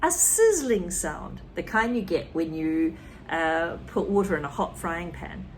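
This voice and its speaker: Woman teacher, storybook read-aloud, animated lively voice, talks to the class between passages. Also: fairly low pitch, unhurried, slight background noise. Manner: lively, expressive, with asides to listeners.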